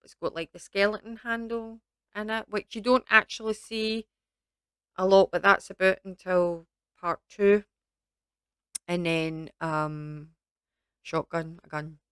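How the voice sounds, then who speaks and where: A woman's voice: mid-range voice, steady tone, slow pace, long pauses, fairly bright tone, clean tone, no echo. A Scottish woman giving a casual, rambling film review, full of ums and asides. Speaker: vlogger reviewing films.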